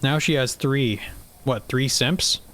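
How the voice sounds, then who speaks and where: A man's voice: mid-range voice, slow, a bit bright. A man streaming a video game live, chatting casually, swearing and laughing as he plays. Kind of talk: casual live gameplay commentary.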